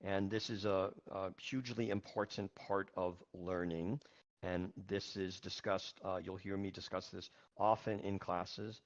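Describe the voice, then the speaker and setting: A man teaching an English class online, speaking in a patient, measured way with frequent fillers. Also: deep voice, fairly even intonation, dull audio.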